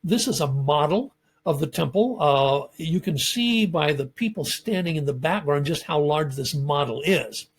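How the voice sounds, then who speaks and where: Husky-voiced man teaching scripture. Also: fairly high pitch, expressive. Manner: measured, explanatory, with frequent ums and uhs. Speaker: bible teacher. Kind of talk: lecture on scripture.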